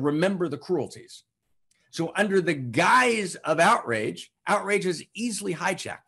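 A man preaches with fervent emphasis, repeating phrases and rising to loud declarations before dropping to quiet, slow passages. His voice is slightly high and husky, with a lively, swooping pitch. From United States. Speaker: spiritual teacher. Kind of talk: impassioned spiritual teaching. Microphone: online broadcast to a live chat.

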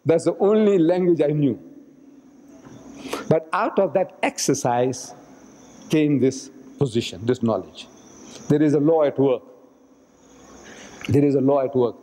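A man's voice: a little high, expressive, measured pace, long pauses, mellow. A man giving a religious lecture as a dramatic storyteller in a mosque, acting out the speakers he quotes. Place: mosque hall. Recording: echoey hall archive recording.

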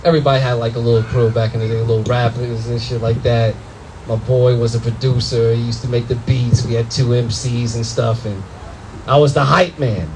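A young adult man doing a loud, animated stand-up comedy set in a comedy club, full of profanity and acted-out voices. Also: medium pitch, brisk, slight background noise, low-quality recording.

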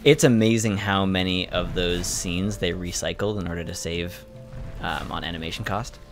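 A young man playing a game on a let's play, loud and excitable, joking and yelping as he plays. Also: low-pitched, normal speed, over music. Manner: loud, excitable, yelps and jokes while playing. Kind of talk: casual gameplay chat.

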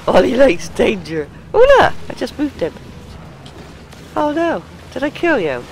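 A woman giving gameplay commentary, muttering to herself and swearing, excitable. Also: on the high side, slow pace, slight background noise. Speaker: let's play gamer.

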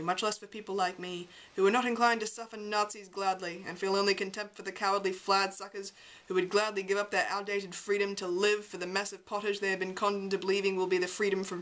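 A woman's voice: medium pitch, level tone, fast, a bit bright, rough recording. A woman reading a memoir aloud as an amateur reader, with a wry, sardonic delivery.

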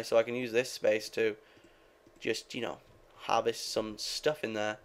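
Here a young gaming creator, medium in pitch and clean in tone, rambles through his gameplay in a relaxed way, dropping swear words freely and turning to his audience to talk.

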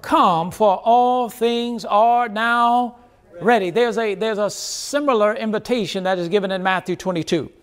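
A pastor preaching a sermon, earnest, with dramatic pauses and repeated phrases. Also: male voice, high-pitched, smooth.

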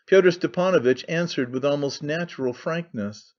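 A man's voice: mid-range voice, moderate pace, a little mellow, highs cut off. Man narrating an audiobook. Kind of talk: scripted narration.

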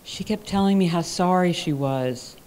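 A woman reading the lines of a tired, sick young man in her novel, in a flat, sleepy, matter-of-fact way. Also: lowish voice, normal speed, close to an everyday voice. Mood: weary.

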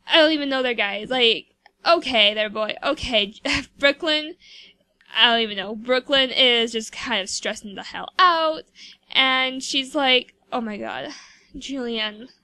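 A woman's voice: high voice, pushed and bright, dry recording. A woman giving casual, rambling commentary over a life-sim game, chatty and full of fillers. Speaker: gameplay video host.

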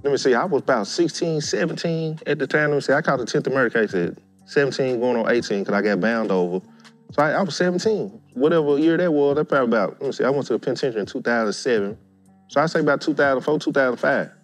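A man's voice: medium pitch, fast, soft background music. A man, telling a story casually and acting out the voices of the people in it. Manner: animated, acts out quoted voices. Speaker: guest storyteller.

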